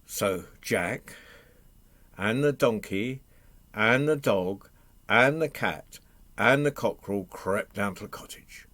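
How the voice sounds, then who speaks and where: A man telling a folk tale to families, animated, asking the audience questions and doing animal noises. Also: lowish voice, takes it slowly, no room sound. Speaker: storyteller. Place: home, online session.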